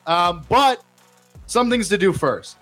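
A man with a slightly high voice hosts a casual sports podcast. He talks in an animated, self-mocking way and drifts into rants. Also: takes it slowly, music in the background. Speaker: podcast host.

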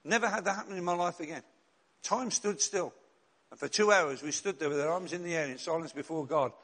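A middle-aged man preaching a sermon as pastor, telling stories and slowing down to stress key words. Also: on the high side, a bit bright. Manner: storytelling, slows and rises for emphasis.

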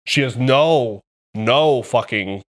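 A man co-hosting a podcast, deep into an excitable, profane retelling of a game. He speaks at a middling pitch and keeps the chat casual. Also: slow. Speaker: podcast co-host.

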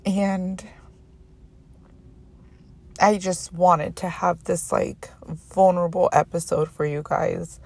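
A woman's voice: fairly low pitch, steady tone, slow, long pauses, a little mellow. A woman hosting a personal faith podcast, talking earnestly and emotionally and often restarting her sentences. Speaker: podcast host.

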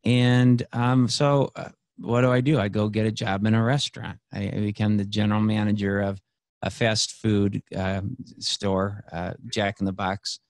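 A man's voice: fairly low pitch, little pitch movement, moderate pace, dry recording, clean studio sound. A man, a podcast guest, telling a personal story in a rambling, earnest way, full of fillers and restarts. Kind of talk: casual storytelling conversation.

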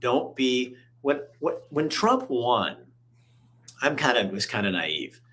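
Animated man in casual political chat. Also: mid-range voice, slow pace. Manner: animated, emphatic storytelling. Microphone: camera on a video call.

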